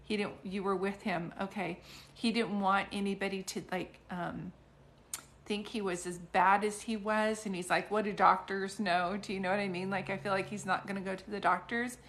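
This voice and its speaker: A woman's voice: medium pitch, fairly even intonation, moderate pace, fairly bright tone. Chatty woman medium, rambling restarts. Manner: chatty, rambling, many restarts and fillers, hums song snippets. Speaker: psychic medium doing live readings. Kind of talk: casual live-stream reading.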